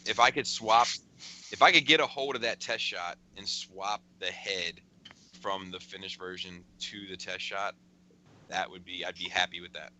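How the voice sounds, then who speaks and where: A man's voice: deep voice, normal speed, bright, forceful tone, slight background noise. A man co-hosting a casual toy-collecting podcast, rambling with many fillers, restarts and curses. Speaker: podcast co-host. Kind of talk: casual chat.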